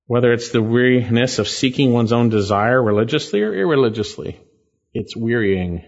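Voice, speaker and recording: A man preaching a sermon, earnest and emphatic, slowing down to stress phrases and pleading with listeners. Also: mid-range voice, lively intonation, vocal fry, dull audio.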